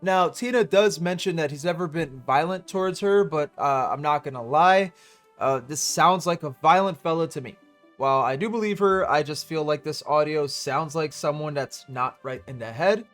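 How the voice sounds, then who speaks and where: A man's voice: a little high, lively intonation, moderate pace, fairly bright tone, soft background music. A man hosting a react channel, giving sarcastic casual commentary with swearing. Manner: sarcastic, swearing, laughs between words.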